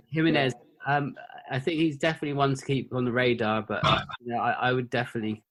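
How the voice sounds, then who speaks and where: A man's voice: mid-range voice, little pitch movement, fairly quick, a little hiss or hum, rough recording. Male co-host, mid voice, hesitant and repetitive, casual chat. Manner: hesitant, repeats himself.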